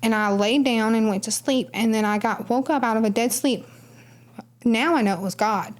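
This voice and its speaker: A woman's voice: on the high side, moderate pace. A woman guest on a podcast, telling her personal story casually and loosely, full of "like" and "right?". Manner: rambling storytelling with frequent "like" and "right?". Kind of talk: personal testimony in casual conversation.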